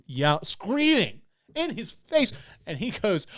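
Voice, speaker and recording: A man co-hosting a comedy podcast, telling rambling comic stories that swing between loud bursts and quiet asides. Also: fairly high pitch, brisk, dry recording, studio quality. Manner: rambling animated storytelling, swings loud and soft. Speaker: podcast co-host.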